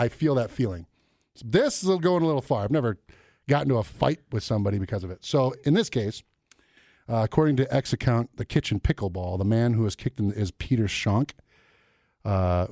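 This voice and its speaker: A man's voice: on the low side, no room sound. Chatty male radio host, dry studio sound. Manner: animated storyteller, laughs often, mimics voices. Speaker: radio morning show host. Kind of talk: casual radio banter.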